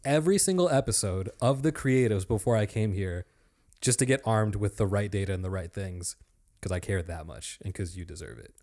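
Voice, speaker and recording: A man's voice: lowish voice, fairly quick, a little mellow. A man appearing as a podcast guest, talking in an enthusiastic, chatty and complimentary way. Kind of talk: casual podcast conversation.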